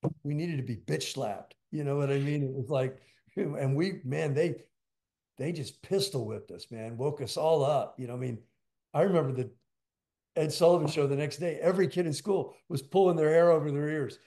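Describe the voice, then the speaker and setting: Older man, drummer guest; rambling anecdotes, fillers, slightly high voice. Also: normal speed. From United States. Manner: rambling, animated storytelling with many fillers. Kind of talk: storytelling interview.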